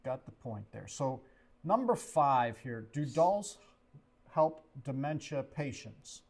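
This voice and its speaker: A man co-hosting a doll livestream, reading trivia questions and answers haltingly, tripping over words and adding jokey asides. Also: mid-range voice, very animated, darkish tone.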